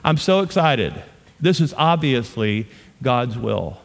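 This sermon comes from a middle-aged Louisiana pastor who tells humorous stories and tosses playful asides to the audience, recorded with the long reverb of a large church auditorium. His mid-range voice is expressive and creaky, and he speaks slowly.

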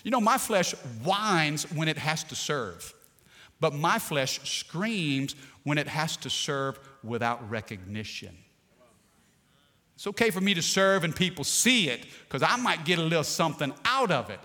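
Guy pastor preaching, kinda high voice, jokey asides, big church echo. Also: sing-song, a little slow, pushed and bright. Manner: preachy call-and-response, playful asides. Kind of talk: sermon. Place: church sanctuary. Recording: long hall reverb.

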